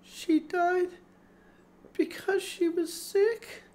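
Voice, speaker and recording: A man voicing a fiery little girl who yells and sobs, in an audiobook reading. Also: very slow, full character voice. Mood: shocked. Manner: shrill, yelling and sobbing. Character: fiery little girl, tearful and quick to rage. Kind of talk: audiobook character voice.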